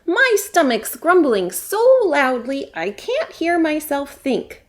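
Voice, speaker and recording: A woman's voice: high voice, very animated, takes it slowly, voice pushed up, full character voice. A woman voicing Roxy, a hungry young female raccoon who whines and squeals. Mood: whining. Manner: whiny, squealing.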